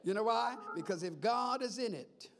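A pastor preaching a sermon, calling out to the congregation and rising into shouts. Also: male voice, sits high, animated, moderate pace, gravelly, noisy background.

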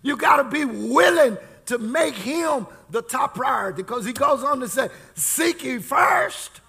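Male preacher with a bright, tense, gravelly voice, delivering a rousing call-and-response sermon. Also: very high voice, lively intonation. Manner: call-and-response preaching, shouting key lines, drawn-out words.

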